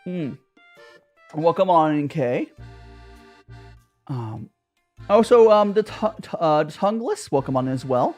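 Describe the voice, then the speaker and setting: A woman's voice: sits low, very animated, a little slow, long pauses, a little mellow. Bubbly streamer lady just chatting, voice bounces up and down a lot, faint music behind. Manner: bubbly, laughs often. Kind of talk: casual chat stream.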